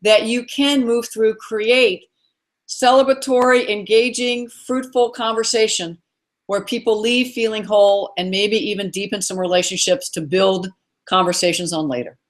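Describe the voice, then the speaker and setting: Speaking at a moderate pace with a steady tone and medium pitch, a middle-aged guest expert appears on a live video call interview. She comes across as earnest and encouraging, linking long lists of ideas one after another.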